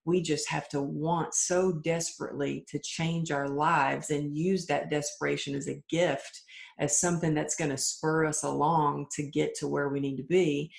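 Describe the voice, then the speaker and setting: A woman's voice: sits low, little pitch movement, moderate pace, gravelly. A middle-aged woman, a podcast guest, telling her story candidly and earnestly, often restarting her sentences. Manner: earnest and open, with frequent restarts and acted-out quotes.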